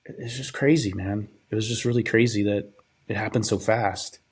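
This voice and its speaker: A young man hosting a podcast, telling a personal story in a halting, subdued, grieving way, often trailing off and repeating words. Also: lowish voice, steady tone, husky. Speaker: podcast host.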